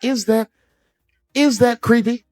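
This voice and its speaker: A man's voice: very high-pitched, steady tone, slow, darkish tone, no room sound, faint music behind. A man in his fifties doing a stand-up routine, rambling through self-deprecating asides with frequent restarts. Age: 50s. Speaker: stand-up comedian.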